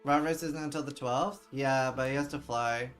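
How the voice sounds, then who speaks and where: A man's voice: medium pitch, fairly even intonation, normal speed, fairly bright tone, faint music behind. A chatty man from Norway giving casual game commentary as a streamer co-caster, laughing often.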